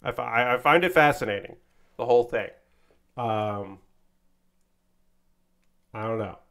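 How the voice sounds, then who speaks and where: A man's voice: medium pitch, a little slow, fairly bright tone. A man streaming, casually chatting while he builds a model kit, rambling with lots of fillers and a bit of swearing.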